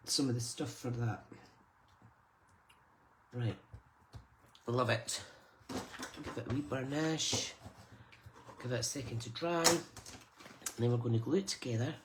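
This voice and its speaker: A woman's voice: a bass voice, slight background noise. A Scottish woman hosting a live crafting stream, chatting casually and greeting viewers by name as she works. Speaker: crafting channel host.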